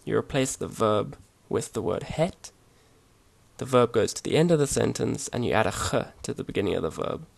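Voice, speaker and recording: A man explaining grammar over his slides in a relaxed, hesitant way, with many fillers and restarts. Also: lowish voice, moderate pace, gravelly. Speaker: language teacher. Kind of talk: casual slide-based language lesson.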